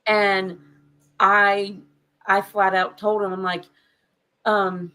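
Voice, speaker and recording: A woman's voice: medium pitch, little pitch movement, takes it slowly, pauses often, pushed and bright, rough recording. Woman, podcast co-host, candid storytelling, conversational, mid-range voice. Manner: candid personal storytelling with fillers.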